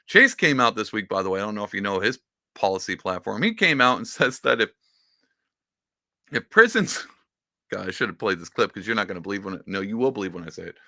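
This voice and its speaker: A man hosting a podcast, giving casual political commentary in an excitable, sarcastic rant whose pitch swings up and down. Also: fairly quick, no echo, clean studio sound. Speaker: podcast host.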